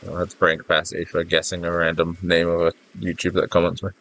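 His delivery is completely flat and quick, coming from a deep, fairly bright voice that sounds stuffed up. A gaming YouTuber, he rambles through casual, self-mocking commentary and gets flustered easily. Faint game music is audible behind him.

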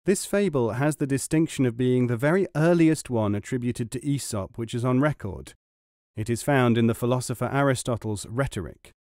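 With a medium-pitched voice, this man reads world tales aloud as an audiobook narrator, keeping an even, measured storytelling pace. The scripted reading has studio quality and no room sound.

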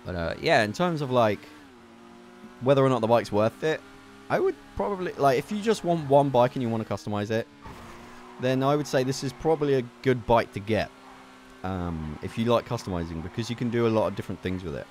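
A young man giving excitable gameplay commentary as a gaming video host, swearing and laughing at his mishaps. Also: medium pitch, brisk, slight background noise. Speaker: gaming YouTuber.

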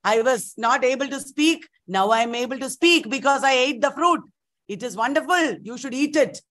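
A woman voicing a smooth-talking serpent who tempts and coaxes, speaking in a persuasive way. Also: high voice, lively intonation, normal speed, a bit bright. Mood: coaxing. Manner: coaxing, persuasive.

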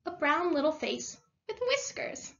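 High-voiced woman teacher reading aloud. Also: big pitch swings, unhurried, vocal fry, a bit bright, lo-fi sound. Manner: reads a story aloud and stops to explain words. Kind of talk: read-aloud lesson.

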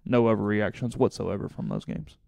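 A man's voice: fairly low pitch, a little fast, vocal fry, darkish tone, no room sound. A man hosting a sports podcast in casual talk, telling a story with chuckles.

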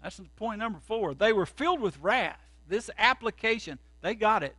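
A male pastor with a strikingly high, bright, forceful voice delivers a sermon. He tells his stories dramatically, swinging between loud outbursts and hushed asides. The recording is dry and close, with no room echo. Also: animated, moderate pace.

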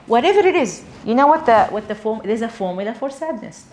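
A woman's voice: a little high, fairly quick, hardly any pauses. A woman with an Australian accent giving a conversational religious talk to a gathering of women, asking them questions. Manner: conversational, animated, asks the audience questions. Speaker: religious teacher.

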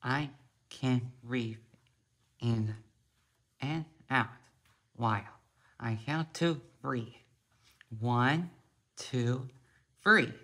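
A man reading a children's picture book aloud, slowly and haltingly, a few words at a time. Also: medium pitch, sharp tone. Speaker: storybook reader.

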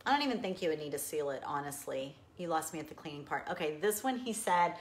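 A woman's voice: low-pitched, expressive, fast, slight background noise, poor audio. A woman with a Texan accent giving a live DIY painting demonstration, chatty and upbeat, answering viewer comments while she works. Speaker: furniture painting instructor.

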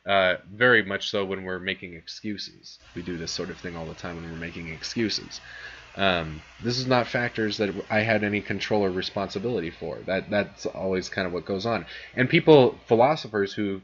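A man's voice: low-pitched, moderate pace, fairly bright tone, dull audio, a little hiss or hum. A young man giving a casual philosophy lecture in a classroom, chatty, with many fillers and restarts.

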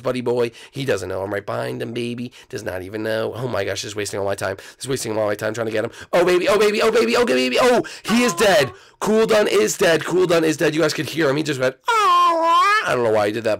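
A man giving excitable, teasing commentary over a block-building game as a video host. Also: medium pitch, gravelly. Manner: hyped, teasing, keeps tacking on "baby". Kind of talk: excitable let's-play commentary.

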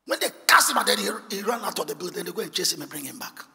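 A high-pitched, gravelly male pastor, preaching a sermon that moves between hushed asides and shouted, sing-song passages. His tone is bright and cutting, and his voice rings through a large church hall with a long reverb. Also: lively intonation, rapid-fire.

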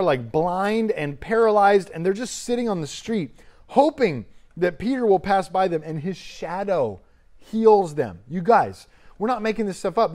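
A man's voice: sits high, darkish tone. A man in his thirties preaching a sermon as a youth pastor, emphatic with rising bursts of energy.

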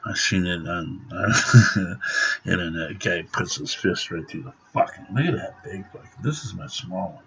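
On a dull, lo-fi home recording with a little hiss or hum, a middle-aged man vents angrily to the camera, swearing and grumbling in his vlog. He speaks a little slowly, in a low voice with a slightly bright tone.

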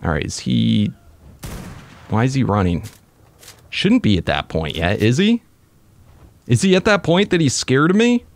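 A young man commentating his own gameplay, excitable and quick to break into frustrated outbursts. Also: mid-range voice, gravelly, a little hiss or hum. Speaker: let's play gamer.

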